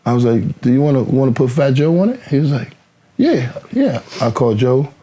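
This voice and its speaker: Animated storytelling man. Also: medium pitch, fast. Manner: animated, acts out quoted dialogue, swears freely. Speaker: guest rapper. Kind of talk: casual interview storytelling.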